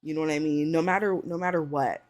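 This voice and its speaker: A thirty-year-old woman chatting casually to viewers and giving advice, blunt and full of swearing, with lots of "like" and "you know". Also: fast. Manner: swings into high excited pitch when riled up. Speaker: vlogger.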